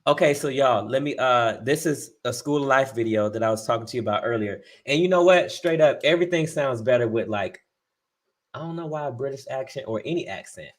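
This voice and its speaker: A man's voice: medium pitch, brisk. Easygoing male podcast host explaining things. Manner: explanatory, thinks aloud with fillers. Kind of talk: casual podcast chat.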